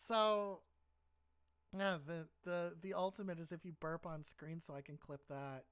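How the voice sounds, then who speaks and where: A woman's voice: on the low side, steady tone, a little slow, smooth. A woman hosting a casual live-stream interview, teasing her guest and laughing easily.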